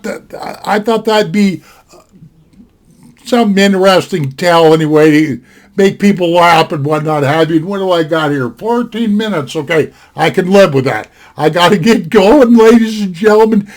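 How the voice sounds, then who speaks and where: Older man in his 70s, home desktop recording, folksy rambling yarn-teller with a high voice. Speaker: storyteller vlogger. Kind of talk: casual spoken storytelling. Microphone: desktop computer mic.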